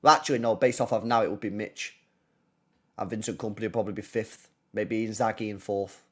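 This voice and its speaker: A man's voice: fairly low pitch, fairly even intonation, a little fast, slightly rough. A man hosting a casual football livestream, blunt and profane, often repeating himself. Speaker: football channel host.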